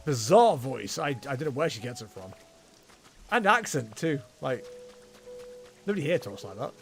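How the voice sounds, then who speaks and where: A man's voice: mid-range voice, sing-song, moderate pace, pauses often, soft background music. A man chatting casually and rambling with self-mocking humor while livestreaming a game. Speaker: streamer. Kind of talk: casual gameplay livestream chat.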